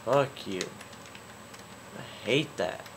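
A man's voice: mid-range voice, extremely slow, fairly bright tone, a little hiss or hum. A man commentating a game, cursing constantly and getting angry, with a sore throat. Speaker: gaming YouTuber. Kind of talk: let's play commentary.

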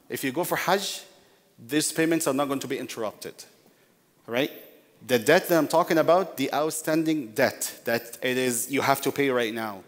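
A man teaching a workshop in a sermon-like way, repeating key phrases for emphasis and addressing his listeners as brothers. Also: medium pitch. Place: large mosque hall. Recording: long hall reverb.

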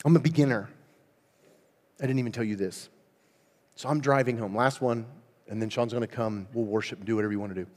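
A man preaching at a revival service, telling a story in a lively, conversational way and laughing often. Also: lowish voice, quick pace. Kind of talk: storytelling sermon. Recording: long reverb in a church hall.

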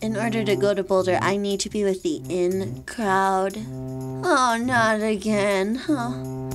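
A woman talking in an excitable, giggly way for a comic character vlog. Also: on the high side, unhurried. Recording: voice over loud background music.

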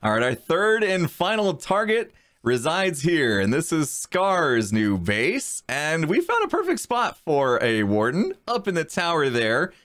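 A man narrates his game prank in a calm, conspiratorial play-by-play. His voice sits a little high and moves lively up and down. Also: measured pace, hardly any pauses. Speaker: gaming video creator.

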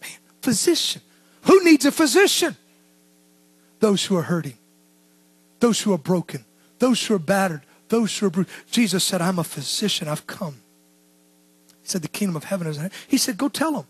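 A man preaching a sermon as pastor, swinging between shouted lines and hushed, low asides. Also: sing-song, moderate pace, long pauses, slightly rough, no room sound.

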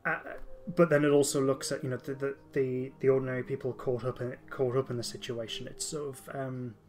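A man's voice: mid-range voice, flat delivery, a little mellow, soft background music. A man hosting a podcast, talking enthusiastically in a casual discussion, often stopping and restarting his sentences. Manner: enthusiastic, halting with many restarts. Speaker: podcast host.

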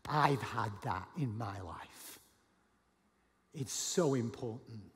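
A man preaching a sermon as pastor, animated, acting out Bible dialogue and at times rising to a shout. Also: medium pitch, slow. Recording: long hall reverb.

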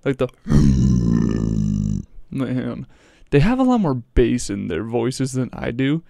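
A man's voice: mid-range voice, sing-song, a little slow, vocal fry, mellow, no echo, studio quality. A man hosting a reaction video, talking casually in a rambling way, swearing freely and breaking off mid-thought.

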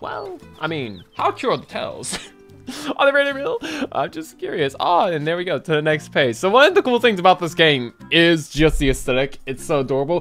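Young male commentator, giggly and excitable, wildly varied pitch, game music behind. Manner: giggly, excitable, self-mocking. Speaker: gameplay commentator. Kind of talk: let's play commentary.

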